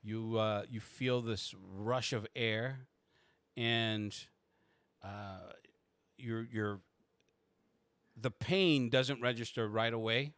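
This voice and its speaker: Bright, dry-voiced man narrating a game. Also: on the low side, fairly even intonation, smooth, no room sound. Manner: halting, restarting, second-person narration. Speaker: game master.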